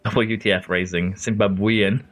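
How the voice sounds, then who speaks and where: Norwegian guy streaming a game, lowish voice, chatty with chat, chuckles, soft music under it. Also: steady tone, a little slow. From Norway. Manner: chatty, answers viewers by name, chuckles often. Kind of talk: casual gameplay commentary reading chat.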